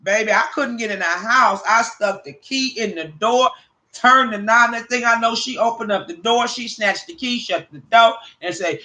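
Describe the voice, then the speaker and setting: A woman hosting a livestream, chatting casually with viewers and telling animated, profane stories. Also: mid-range voice, normal speed. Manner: addresses viewers by name. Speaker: livestream host.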